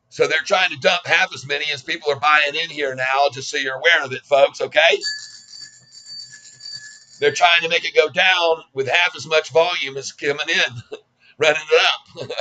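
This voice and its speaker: A man in his sixties, a stock trading vlogger, gives casual market commentary in a folksy, cocky, self-mocking way. His voice is fairly high-pitched and sharp, and the audio is poor.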